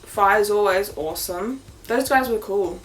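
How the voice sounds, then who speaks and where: A young Australian woman vlogging in a casual, excitable way, laughing often and swearing casually. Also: mid-range voice, unhurried. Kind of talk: casual chat.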